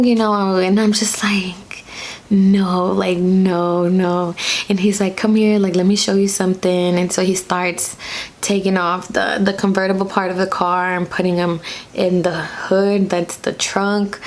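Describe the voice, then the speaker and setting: A woman from Dallas telling a storytime vlog in a chatty, animated way, full of "like" fillers. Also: on the low side. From Dallas, Texas. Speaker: nail artist and vlogger.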